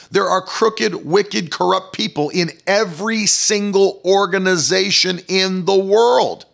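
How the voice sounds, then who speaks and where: A man's voice: sits high, vocal fry, a bit bright. A man preaching a fiery sermon, hammering the crowd with rhetorical questions.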